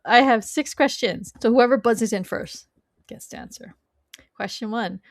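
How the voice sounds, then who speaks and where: A woman with a slightly high voice hosts a relaxed chat podcast and runs a quiz for her guests. She giggles often between lines. Her voice sounds dry and close, with no room around it. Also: a little slow, no echo. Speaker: podcast host and quiz master.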